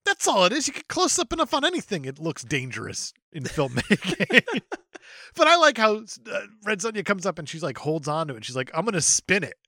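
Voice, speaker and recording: A man's voice: high-pitched, no room sound, studio quality. Male podcast co-host, joking movie recap; bouncy, wide-ranging delivery. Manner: animated, jokey, acts out characters in quick bits. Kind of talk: casual movie-review chat.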